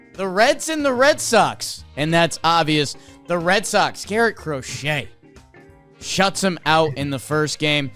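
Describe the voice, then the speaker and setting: A man co-hosting a sports podcast, animated and excitable, with lots of fillers, also reading an ad. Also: fairly high pitch, clean tone. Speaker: podcast co-host. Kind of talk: energetic sports recap and ad read.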